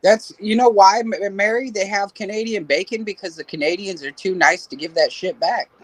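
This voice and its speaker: A man's voice: sits high, normal speed, a bit bright, no echo. A man in casual chat, rambling through stories and crude jokes.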